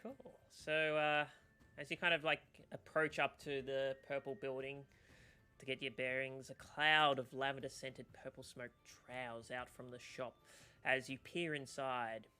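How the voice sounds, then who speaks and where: A man's voice: mid-range voice, little pitch movement, measured pace, sharp tone, clean tone. A man narrating a tabletop game as game master, hesitant, with many fillers.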